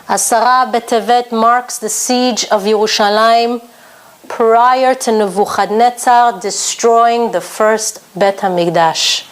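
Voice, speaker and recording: Woman Torah teacher, earnest and emphatic, high voice, slow measured delivery. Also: fairly even intonation. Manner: earnest, emphatic teaching, dense with Hebrew terms. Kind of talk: Torah lesson for women.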